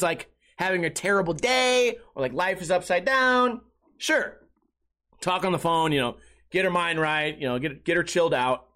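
Young man, solo podcast host, high bright voice, swears a lot, rambling. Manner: profane, rambling, self-deprecating. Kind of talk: casual solo podcast monologue.

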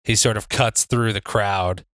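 A man narrating his character's actions in a tabletop game, in a relaxed storytelling way. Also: on the low side, measured pace, dry recording. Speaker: player.

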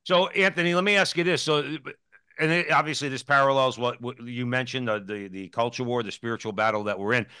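A man hosting an interview, asking questions in an animated, loose way with frequent restarts. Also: medium pitch, fairly quick, smooth. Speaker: host.

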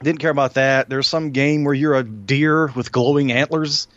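Dude on a dull muffly mic, blunt and cussing. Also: male voice, mid-range voice, steady tone, normal speed, no room sound. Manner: blunt, dismissive, swears freely. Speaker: podcast co-host. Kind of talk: casual chat. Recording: dull dry lo-fi sound.

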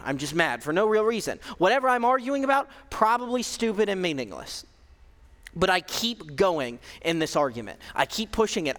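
High-voiced young man preaching casually. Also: fairly bright tone, long reverb tail. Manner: conversational, self-deprecating, frequent fillers and restarts. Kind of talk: casual sermon.

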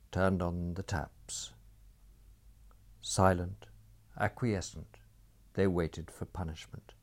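A man narrating a story in a dry, measured storytelling manner. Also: sits low, steady tone.

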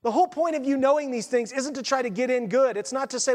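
Male preacher, very high-pitched, chatty and needling, sermon recorded in an echoing sanctuary. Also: fast, few pauses. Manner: animated, conversational, sarcastic rhetorical questions. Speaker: pastor. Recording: long reverb of a church hall.

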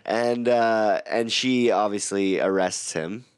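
Low-voiced man recapping casually. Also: fairly even intonation, slow, clear, resonant tone, dry recording, clean studio sound. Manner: laid-back storytelling with swearing and laughs. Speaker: podcast co-host. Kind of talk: casual chat recapping a cartoon episode.

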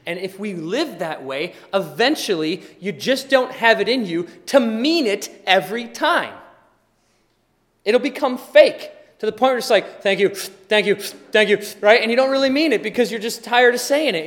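A pastor giving a sermon in a relaxed, conversational way, acting out little everyday scenes as he goes. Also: high-pitched, normal speed. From Wisconsin, USA. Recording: long hall reverb.

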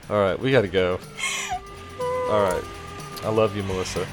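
A man's voice: low-pitched, steady tone, normal speed, loud music behind the voice. A middle-aged man, chatting casually in a rambling, jokey way. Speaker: co-host. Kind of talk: casual chat.

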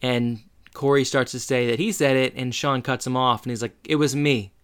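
Guy co-hosting a recap, smooth clear voice, tells the story and does squeaky quote voices. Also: fairly even intonation, moderate pace. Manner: narrates the plot, jumps into high voices for quotes. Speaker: podcast co-host. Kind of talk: casual recap chat.

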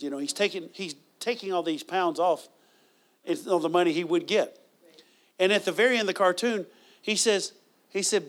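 A man preaching a sermon in a conversational way, with bursts of loud praise and chuckles as he tells stories. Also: sits high, brisk. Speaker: pastor.

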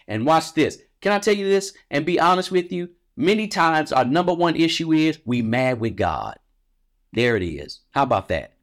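A man hosting a devotional podcast, preaching emphatically, with repeated phrases and big swings in pitch. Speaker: podcast host.

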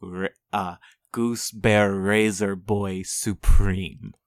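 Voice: low voice, steady tone, drawn-out words, no echo, clean studio sound. A performer playing an evil goose-feathered supervillain man with a German accent, menacing and grandiose, in broken English. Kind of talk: improvised comedy character interview.

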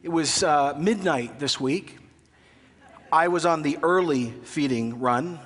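A man in his thirties preaching a sermon as a pastor, telling a family story with animated, self-mocking humor. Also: fairly high pitch, slow pace, slightly rough. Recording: long hall reverb.

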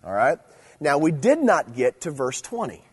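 A middle-aged man preaching to teenagers, swinging between loud emphasis and quiet asides. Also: fairly high pitch, very animated, moderate pace, slight background noise. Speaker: youth speaker. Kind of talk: sermon.

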